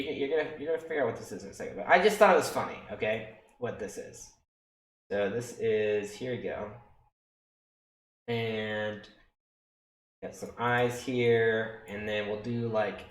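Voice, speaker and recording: A man's voice: fairly low pitch, unhurried, a little hiss or hum. A young man working in EMS, rambling through stories in a casual, profane way and often checking in with "okay?" and "right?". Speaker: EMS worker telling stories on stream. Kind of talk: casual storytelling on a livestream. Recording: echoey room.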